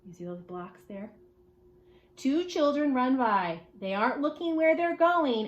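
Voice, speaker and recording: A woman teaching a lesson to young children, animated and sing-song, with playful exclamations. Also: medium pitch, unhurried.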